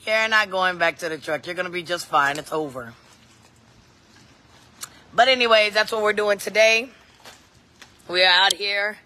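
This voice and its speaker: A woman's voice: mid-range voice, moderate pace, pauses often, bright, forceful tone, a little hiss or hum. A middle-aged woman, chatting casually to live-stream viewers and her kids outdoors on a phone. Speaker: vlogger and mom. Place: outdoors at a scenic waterfall spot.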